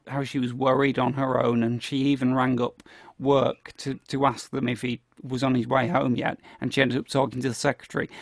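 Male podcast co-host, gravelly, hesitant, dry close mic. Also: medium pitch, no echo. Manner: hesitant, many fillers and restarts. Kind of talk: casual chat about a TV play.

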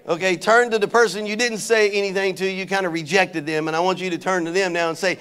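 A pastor preaching a sermon, telling stories and calling on the congregation to answer back. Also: male voice, high voice, fast, few pauses, clear, resonant tone. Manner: animated preaching with call-and-response to the congregation; conversational storytelling.

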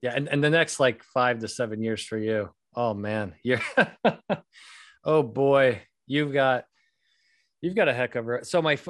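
A man's voice: mid-range voice, fairly bright tone, dry recording. Middle-aged male podcast host, joking rambler, dead-dry room. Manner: rambling, joking, self-deprecating storyteller. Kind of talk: casual podcast chat. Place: home podcast studio.

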